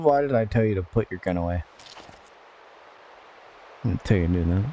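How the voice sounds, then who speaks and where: A man's voice: sits low, moderate pace, long pauses, mellow, a little hiss or hum. A man hosting a gaming podcast, giving rambling casual commentary over gameplay with absurd jokes, frequent laughter and muttered asides at the game.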